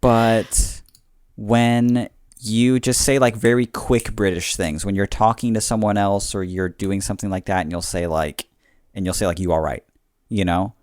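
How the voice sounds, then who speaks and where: A man's voice: lowish voice, fairly even intonation, normal speed, a little mellow, smooth, no echo, studio quality. A man co-hosting a podcast, talking casually in a reflective, rambling way with lots of fillers. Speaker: podcast co-host. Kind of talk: casual chat.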